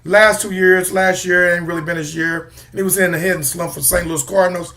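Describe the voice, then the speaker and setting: A man's voice: high-pitched, fairly even intonation, a little fast, bright, forceful tone. A man co-hosting a casual sports talk show, rambling and joking as he trash-talks rival teams. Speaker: co-host.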